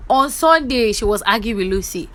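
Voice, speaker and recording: A woman's voice: fairly high pitch, normal speed. Chatty Nigerian woman recapping gossip. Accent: Nigerian English. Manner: lively, acts out the quotes, chatty asides. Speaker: gossip vlogger.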